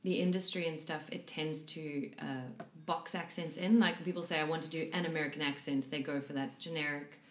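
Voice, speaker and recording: A woman's voice: deep voice, steady tone, brisk, hardly any pauses. A woman hosting an interview, chatting casually and chiming in with short agreements. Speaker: podcast host. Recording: echoey room.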